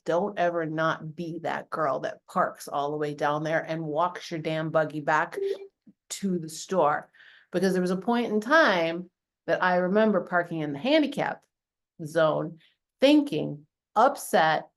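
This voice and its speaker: A middle-aged woman with a Southern US drawl talks loosely to her fitness group. Her voice sits a little low for a woman, and she rambles through a story with plenty of fillers and restarts. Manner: chatty storyteller with many fillers. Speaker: fitness coach. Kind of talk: casual group call talk.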